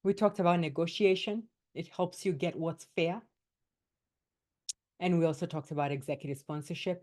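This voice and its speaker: A woman wellness coach giving a workshop talk to doctors, lively and emphatic, often checking in with her listeners. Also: lowish voice, moderate pace. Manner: lively and emphatic, often tagging points with "right?".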